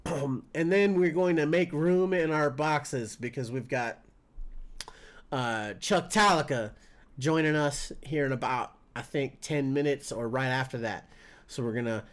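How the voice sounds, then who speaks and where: A man's voice: medium pitch, measured pace. An American man hosting a music review livestream, upbeat and emphatic, often repeating himself. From United States. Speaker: podcast host. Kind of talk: casual livestream chat.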